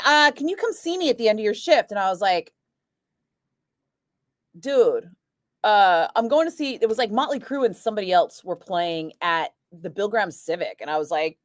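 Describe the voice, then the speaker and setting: Animated woman DJ telling stories. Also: mid-range voice, dry recording, clean studio sound. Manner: animated, acts out quoted voices, frequent "like". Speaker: radio DJ chatting with a live stream. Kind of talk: casual storytelling chat. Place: radio studio. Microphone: studio microphone.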